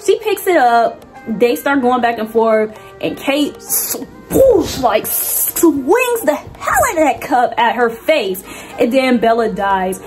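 A young woman casually recapping a movie's plot, slangy and animated, with big swoops in her voice. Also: fairly high pitch, takes it slowly, soft background music. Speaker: movie reviewer.

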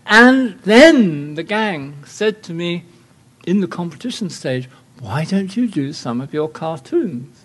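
A man's voice: high-pitched, very animated, slow pace, a bit bright, breathy edge. An older man with an English accent giving a guest lecture with slides, wry and anecdotal, full of rambling asides.

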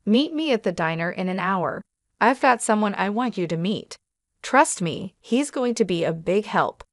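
A loyal woman friend who talks firmly and plots with a mischievous edge, as voiced by a woman narrator, in a storybook reading. The delivery is middling in pitch and dry, close to the reader's own voice. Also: lively intonation, normal speed, no echo, close to an everyday voice. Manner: firm and determined.

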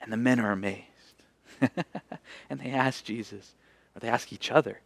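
A man preaching a sermon as pastor, expressive, moving between emphatic lines and hushed ones. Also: medium pitch, normal speed, gravelly, pauses often, dry recording.

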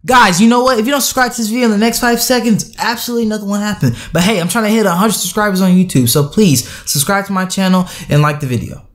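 A man's voice: high-pitched, fast talker, hardly any pauses. A young man doing joking gameplay commentary for his channel, goofy and rambling, full of slang and meme jokes. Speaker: gaming YouTuber. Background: background music.

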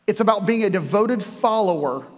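A male pastor preaching a sermon in a loose, conversational way, tossing in jokes and asides. His voice sits fairly high for a man. The sound rings with the long reverb of a church hall. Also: expressive, normal speed. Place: church sanctuary.

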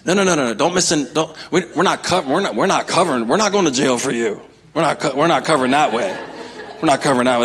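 A man's voice: fairly high pitch, fast, a bit bright. A man preaching a sermon as pastor, emphatic, repeating his key phrases and calling out to the congregation.

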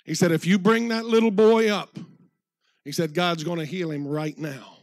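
A preacher tells a story from the pulpit in a high voice. The sound is dry and close. He quotes the people in his story at length, slowing down and rising in force on the key words. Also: fairly even intonation, dry recording. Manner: retells a story with many quotes, slows and swells for emphasis. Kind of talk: sermon storytelling. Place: church.

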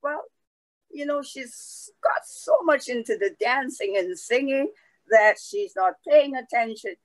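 Slow, chatty woman storyteller. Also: a little high, animated, no room sound, poor audio. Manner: slow, conversational, with asides to listeners. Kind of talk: oral folk storytelling.

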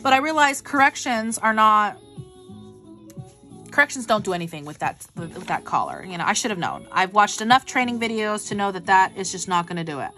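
A woman vlogger telling a rambling, animated story in casual chat, full of asides. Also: mid-range voice, a little fast, soft background music. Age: adult with a child.

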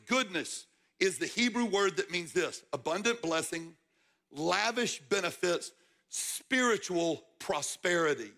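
A man preaching a sermon in a church, talking straight to the crowd and building to loud, emphatic peaks. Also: high-pitched, expressive, moderate pace. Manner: preaching with rising emphasis, addressing the crowd directly. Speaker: guest speaker, football coach. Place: church stage.

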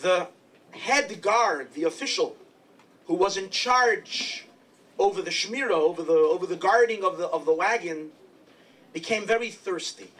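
A man's voice: high-pitched, fairly bright tone, far from the mic, poor audio. A man from New York giving a chatty, humorous Hasidic lecture full of stories, as rabbi and speaker at a congress.

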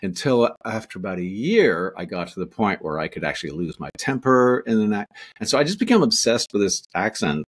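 A man's voice: fairly low pitch, sing-song, a little fast. A Canadian man, an actor, telling rambling anecdotes in a casual interview, full of restarts and fillers. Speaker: actor guest.

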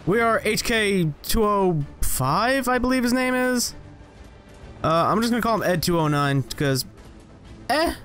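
A young man giving casual, rambling gameplay commentary, joking at himself and jumping into high excited yelps as he plays. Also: measured pace, faint music behind. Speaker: gaming channel host.

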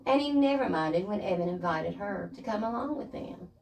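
A woman reads a children's chapter book aloud. Her voice has a gravelly edge and moves a lot in pitch. She sits a little away from the microphone. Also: moderate pace, recorded from a distance, slight background noise, low-quality recording. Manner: lively expressive reading. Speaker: reader.

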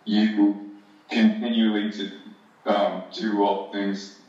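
A man's voice: on the low side, flat delivery, slow pace, darkish tone. A man in a Bible study class, answering questions hesitantly with fillers. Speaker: class member. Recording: echoey room from far off, dull sound.

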